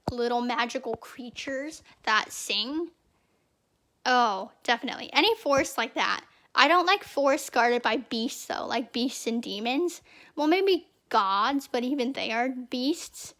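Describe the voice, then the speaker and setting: A young woman giving casual, rambling fan commentary as a channel host, chatty and prone to repeating herself. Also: fairly high pitch.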